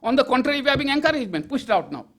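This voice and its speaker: An older man delivers a public speech in a strikingly high voice. He argues emphatically and rhetorically and slips in dry, joking asides. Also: big pitch swings, very fast, a bit bright. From Goa, India. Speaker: public speaker. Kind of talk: political speech to an audience.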